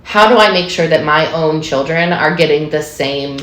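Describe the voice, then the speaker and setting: A woman's voice: low voice, normal speed, a bit bright. A woman co-hosting a podcast, a teacher and mother, talking things through in a casual, reflective chat. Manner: reflective, talks in long winding sentences. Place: enclosed room. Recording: roomy echo.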